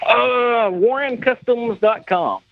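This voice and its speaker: A man's voice: very high voice, slow, creaky, phone-quality sound. A man telling a long anecdote in casual chat, acting out the dialogue of the people in it. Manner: animated anecdote teller acting out quoted dialogue. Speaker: guest, custom car builder. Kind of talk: casual storytelling.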